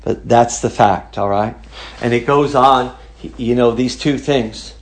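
A man preaching a sermon, reading scripture aloud and talking it through casually, moving from emphatic stress to quiet asides. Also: mid-range voice, measured pace. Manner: conversational, emphatic, shifts between loud and hushed.

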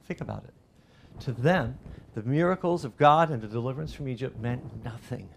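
A middle-aged man preaching a sermon as pastor, rising loud and animated through lists and quoted cries. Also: medium pitch, moderate pace, vocal fry, slight background noise.

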